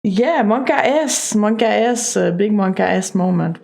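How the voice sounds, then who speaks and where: A woman's voice: medium pitch, unhurried, vocal fry, few pauses, a little mellow. A woman streamer giving casual, chatty commentary while playing a game, joking and laughing often. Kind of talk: casual let's-play commentary.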